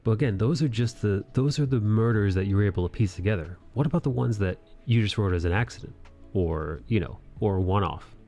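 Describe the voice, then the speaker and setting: A man's voice: fairly low pitch, a little fast, dark tone, soft background music. A man hosting a live art stream, chatting casually and joking, with rambling restarts. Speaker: streamer host.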